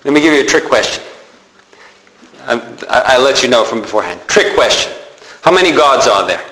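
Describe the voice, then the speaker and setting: A man's voice: mid-range voice, brisk, echoey room, rough recording. A man preaching a sermon, telling stories with animation and acting out the characters. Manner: animated storytelling, acts out characters.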